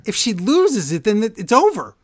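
A male podcast co-host recapping wrestling in relaxed, casual chat. His slightly high voice swings widely in pitch. He sounds exasperated and shoots up in disbelief at what he recounts. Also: moderate pace, no room sound.

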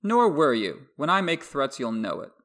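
A smug young lord full of teasing bravado, as a man reads him aloud. His voice has a gravelly, creaky edge, and he rides up high to sound airy and mocking. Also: big pitch swings, moderate pace, a bit bright. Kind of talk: dramatic reading of a novel.

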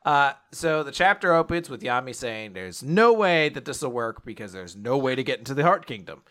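A man's voice: medium pitch, very animated, fairly quick, fairly bright tone. A man co-hosting a casual recap show, rambling through a story and quoting characters along the way. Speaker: podcast co-host. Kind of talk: casual chapter recap chat.

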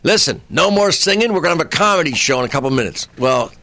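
Animated storytelling comedian man. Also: a little high, fast, no echo. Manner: animated storyteller who acts out voices, shouting in bits. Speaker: stand-up comedian. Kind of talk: casual chat, storytelling.

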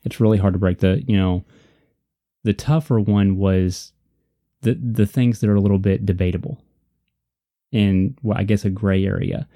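A man's voice: lowish voice, moderate pace, long pauses, warm tone, no echo, clean studio sound. A man co-hosting a casual faith discussion, earnest and reflective, repeating points for emphasis. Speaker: podcast co-host.

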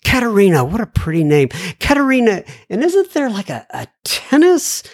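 A man with a slight Southern American accent hosting a podcast, reading listener letters in a lively, joking way. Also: sits high, normal speed, no room sound, clean studio sound. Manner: lively, jokey, animated when reading, turns somber. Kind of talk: casual podcast chat.

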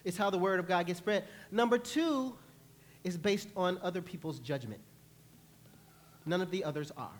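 A male pastor preaching a sermon, telling lively stories and acting out panicked voices. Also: high-pitched, normal speed, pauses often. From New York. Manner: animated storytelling, acts out panicked voices. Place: church.

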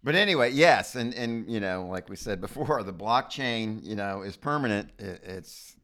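An American man talking casually on a podcast, thinking aloud and circling back with plenty of hedges. His voice sits on the low side. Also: expressive, a bit bright. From United States. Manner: musing, opinionated, halting. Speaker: podcast co-host. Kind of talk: casual chat.

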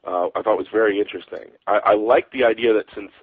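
A man's voice: on the low side, steady tone, fast, husky, no echo. A man with an American accent, a comic book writer talking as a guest in a casual interview, rambling with many fillers and restarts. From United States. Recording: tinny phone line.

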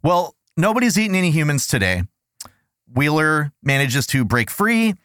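A man hosting a podcast, riffing in animated, sarcastic chat. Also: a little high, moderate pace, no echo, clean studio sound. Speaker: podcast host. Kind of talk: casual comedic chat.

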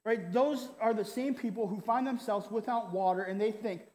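A male pastor delivering a sermon in an animated, conversational way, peppering it with "right?" asides and mock quotes. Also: high-pitched, normal speed, few pauses. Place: church hall. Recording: roomy hall with long reverb.

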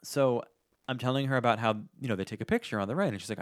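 A man co-hosting a podcast in casual chat, an animated storyteller who acts out the people he quotes. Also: mid-range voice, very fast, dry recording, clean studio sound. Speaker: podcast co-host.

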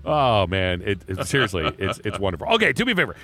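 A man's voice: fairly low pitch, wildly swooping pitch, racing, pushed and bright, husky. A man co-hosting a podcast, rambling through casual chat with crude jokes and constant restarts. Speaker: podcast co-host.

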